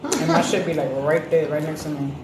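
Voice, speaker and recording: A woman chatting casually on a podcast, telling lively stories with plenty of swearing and acted-out voices. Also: low voice, fairly quick. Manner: animated storyteller, profane, acts out other voices. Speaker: podcast co-host. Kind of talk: casual chat. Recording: roomy with background noise.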